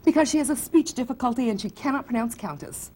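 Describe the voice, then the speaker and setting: A woman reading aloud from a romance novel, voicing a haughty and quick-witted young countess. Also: on the high side, expressive, darkish tone, voice pushed up.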